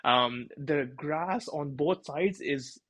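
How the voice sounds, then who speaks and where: Husky-voiced man narrating as dungeon master. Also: fairly high pitch, slow pace, fairly bright tone. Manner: loose and chatty, many fillers and laughs. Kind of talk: narrating a tabletop game.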